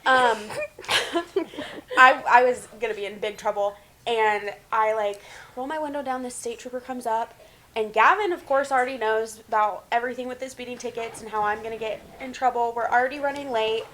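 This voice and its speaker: A woman's voice: a little high, moderate pace, slight background noise, rough recording. A young woman, a podcast guest, telling a story in casual chat, acting out the voices of the people in it. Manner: animated, dramatic retelling with quoted voices.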